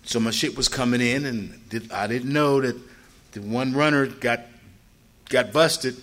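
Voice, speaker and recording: Older man telling a rambling, animated story. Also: mid-range voice, measured pace. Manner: animated, acts out quoted people with a raised voice; loose, rambling with frequent "you know" asides. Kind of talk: personal storytelling.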